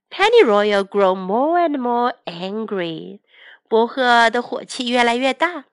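A woman reads a children's story aloud as a teacher, gently and carefully, at a very slow pace. Her voice sits a little high, and the sound is dry and close. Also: no room sound. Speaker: English teacher. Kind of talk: bilingual children's story reading.

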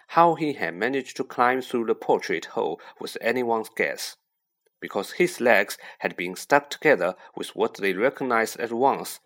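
A man narrating an audiobook in a measured, expressive way. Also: medium pitch.

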